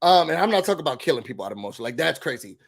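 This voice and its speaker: Male recap host, high-pitched, sassy and animated, casual live-chat delivery. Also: racing, vocal fry. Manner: animated, sassy, emphatic opinions. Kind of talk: casual livestream reality-TV recap.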